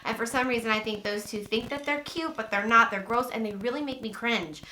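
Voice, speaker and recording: A woman's voice: a little high, brisk, sharp tone, slight background noise. A woman co-hosting a casual recap chat, opinionated and sarcastic, often cutting in with her own remarks. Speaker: podcast co-host. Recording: echoey room.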